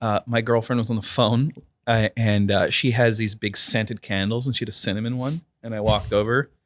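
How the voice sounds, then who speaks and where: A man's voice: lowish voice, steady tone, normal speed, a bit bright. Young man telling rambling stories. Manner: rambling storytelling, heavy with "like". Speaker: comedy podcast host. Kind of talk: casual chat.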